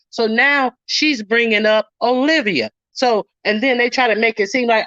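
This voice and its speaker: A woman's voice: a little high, expressive, moderate pace, hardly any pauses, a bit bright, dry recording, muffled recording. A woman giving casual ranting commentary, indignantly retelling online arguments and acting out what others said. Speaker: commentary streamer.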